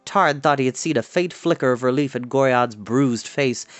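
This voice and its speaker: A man's voice: medium pitch, normal speed, no echo. A man reading a novel chapter aloud, acting out the dialogue. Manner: animated, acts out dialogue. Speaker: storyteller.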